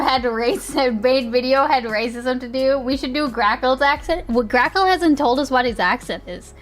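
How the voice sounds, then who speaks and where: Young woman streaming, kinda high voice, rambly and giggly, swears casual, faint music behind. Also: moderate pace, few pauses. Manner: rambling, chatty, laughs often, swears casually. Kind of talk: casual live-stream chat.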